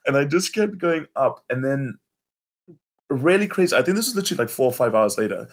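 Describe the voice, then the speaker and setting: A man's voice: medium pitch, fairly quick. Young dude rambling through a crazy story to his mates, swears a ton, keeps saying bro and like. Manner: animated, swears a lot, says bro and like. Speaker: storyteller among friends. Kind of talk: casual chat.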